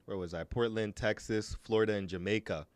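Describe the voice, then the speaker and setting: Man, Canadian, podcast host, halting and repeating words, dry close sound. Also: lowish voice, fairly even intonation, no echo. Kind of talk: casual podcast chat.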